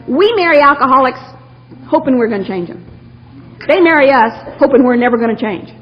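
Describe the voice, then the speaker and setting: High, lively woman telling her story. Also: a little fast, a little hiss or hum. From Texas. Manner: humorous storyteller who laughs often. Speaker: speaker at a recovery meeting. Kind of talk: personal recovery share to a live audience. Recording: lo-fi tape of a talk in a hall.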